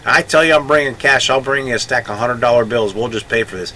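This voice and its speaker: A man voicing a brash, eccentric young male Navy torpedoman who talks loud, blunt and boastful. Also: mid-range voice, steady tone, fast talker, a little hiss or hum.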